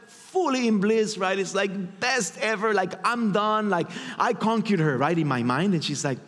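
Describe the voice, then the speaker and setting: A man giving a motivational stage talk, telling a personal story in an animated way and acting out his inner voices. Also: high-pitched, normal speed. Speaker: motivational speaker. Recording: long hall reverb.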